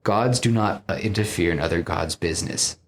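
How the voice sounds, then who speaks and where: A man voicing an aloof older king of the gods with a lofty, dismissive, slightly lowered delivery. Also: brisk, a little hiss or hum.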